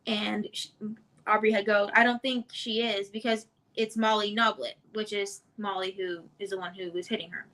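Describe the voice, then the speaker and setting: A woman's voice: medium pitch, level tone, normal speed, a bit bright, low-quality recording. A woman co-hosting a casual discussion, recounting text messages with lots of "and then she goes". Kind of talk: casual discussion, reading texts aloud.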